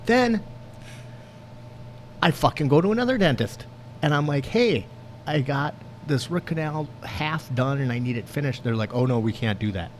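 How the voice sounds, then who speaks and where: Profane, animated man telling a story. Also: mid-range voice, a little hiss or hum. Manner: animated, profane, laughs through his story. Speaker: podcast co-host. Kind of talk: casual storytelling.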